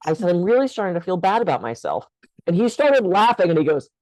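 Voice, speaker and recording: A woman's voice: on the low side, very animated, quick pace, darkish tone, no echo, poor audio. Older woman, co-host, candid storyteller, dry close sound. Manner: candid, storytelling, laughs often. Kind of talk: casual conversation.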